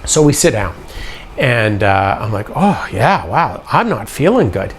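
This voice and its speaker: Man, business owner type, gravelly voice, lively swinging pitch, casual anecdote with acted-out dialogue, faint noise behind. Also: normal speed. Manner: animated, acts out quoted dialogue. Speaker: business owner telling a personal story. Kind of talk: casual storytelling.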